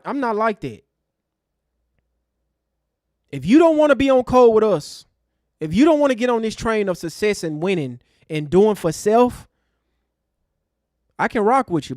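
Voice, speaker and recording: A man's voice: high voice, a little mellow, no echo, studio quality. A man hosting an online show, delivering a fiery, preachy rant to his live chat. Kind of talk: impassioned livestream rant.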